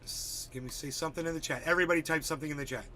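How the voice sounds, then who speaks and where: Bright-voiced man chatting on a livestream. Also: a little high, very fast, slight background noise. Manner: chatty, distracted, greets viewers while fixing settings. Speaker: livestream host. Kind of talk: casual livestream chat.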